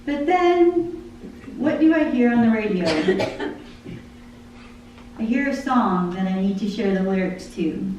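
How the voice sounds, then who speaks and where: A woman's voice: a little high, measured pace, pauses often, a little mellow, muffled recording. A woman giving a conversational devotional talk, chatting about her busy week and listing chore after chore. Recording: very echoey room from far off, faint hum.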